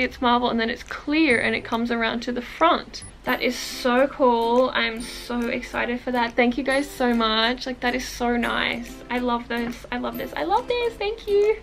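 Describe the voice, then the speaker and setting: A young woman unboxing products for her vlog, gushing and excitable, gasping and exclaiming as she opens each package. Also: fairly high pitch, creaky, low-quality recording. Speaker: vlogger. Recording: faint music behind.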